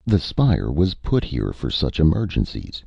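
A man's voice: a bass voice, wildly swooping pitch, measured pace, gravelly, warm tone, slightly rough, dry recording, highs cut off, pitched above the performer's own voice, full character voice. A man voicing a tough human space explorer who speaks in a dry, blunt, sarcastic way. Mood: dry, wry.

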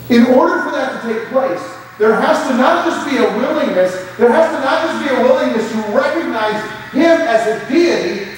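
Man, pastor, sermon, high voice, long church reverb, faint room noise. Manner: preaching with rising emphasis and quoted asides. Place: church sanctuary. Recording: echoey church hall from far off.

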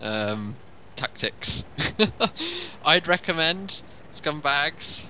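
A man co-hosting casual gameplay commentary, excitable and full of joking banter. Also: a little high, extremely slow, a little hiss or hum. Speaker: co-host.

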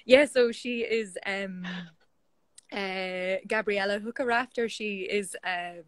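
A woman's voice: mid-range voice, fairly even intonation, takes it slowly, fairly bright tone, no room sound, low-quality recording. Chatty Irish woman telling a story. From Ireland. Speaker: guest. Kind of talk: casual conversational interview.

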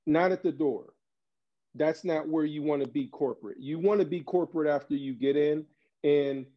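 A man giving an animated, conversational training talk to sales agents, telling stories and acting out door-knocking scenes. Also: mid-range voice, dull audio. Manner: animated, storytelling, conversational with fillers. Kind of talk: energetic training talk with role-play.

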